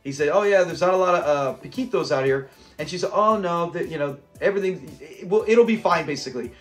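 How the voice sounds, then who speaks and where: A chatty man from Southern California recaps a sitcom episode in a high voice, laughing often as he acts out the lines. Faint music plays underneath. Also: fast. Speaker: host of a sitcom review channel. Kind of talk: casual episode recap and reaction.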